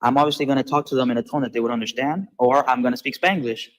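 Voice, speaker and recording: A man's voice: medium pitch, rapid-fire, poor audio. A man taking part in a live debate, speaking casually and offhandedly. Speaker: debate participant.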